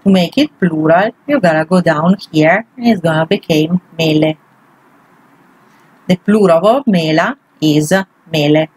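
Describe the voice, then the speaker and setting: A woman's voice: low-pitched, unhurried, darkish tone, a little hiss or hum, low-quality recording. A woman, a language teacher, patiently walking through grammar exercises one example at a time. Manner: patient, walks through each example step by step.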